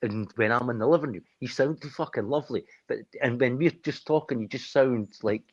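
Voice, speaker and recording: A man's voice: medium pitch, fairly quick, dry recording, dull audio. A Scottish man co-hosting a stream, telling stories in casual, laughing, heavily profane banter. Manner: animated, laughing, profane storytelling. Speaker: co-host of a live stream. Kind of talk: casual banter with heavy swearing.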